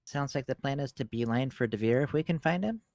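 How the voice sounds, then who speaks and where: A man's voice: mid-range voice, lively intonation, fast talker, a little mellow, no echo, studio quality. A man playing a tabletop game, chatting casually and asking questions about the scene. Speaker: player.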